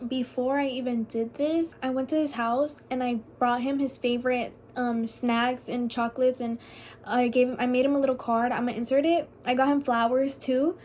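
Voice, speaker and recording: A woman's voice: high-pitched, steady tone, moderate pace, darkish tone, a little hiss or hum. A young woman vlogger telling a personal story in a chatty, casual way, swearing freely and saying "like" a lot. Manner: chatty and profane, heavy use of "like".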